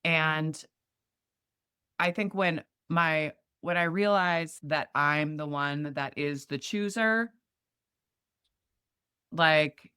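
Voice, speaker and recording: A middle-aged Montana woman, guesting on a podcast, drags out her words and pauses often in a low voice as she casually tells a story. She gets animated, performing the voices of those she quotes. Clean tone, no room sound, studio quality.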